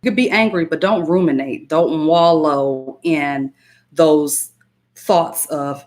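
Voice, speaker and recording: Speaking at a normal pace in a low-pitched, somewhat dark voice, a woman who works as a spiritual coach and hypnotist offers emphatic self-help advice on a live stream. She repeats phrases and greets viewers by name.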